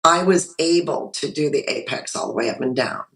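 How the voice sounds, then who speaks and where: A woman guest on a podcast, chatting over a video call and telling her story in a lively way with frequent restarts. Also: low voice, a little fast, low-quality recording. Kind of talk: personal story told in conversation.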